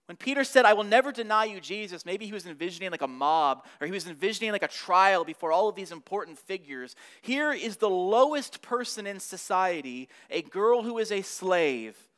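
A man's voice: sits high, animated, a little fast, hardly any pauses, fairly bright tone. Dramatic male Bible study teacher. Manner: dramatic, acts out quotes with rising and falling intensity.

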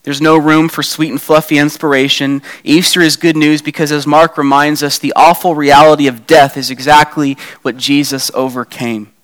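A man's voice: a little high, little pitch movement, moderate pace, hardly any pauses, fairly bright tone. A man preaching a sermon in a conversational way, asking the congregation rhetorical questions and acting out quoted lines. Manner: acts out quoted lines with a raised voice. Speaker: pastor.

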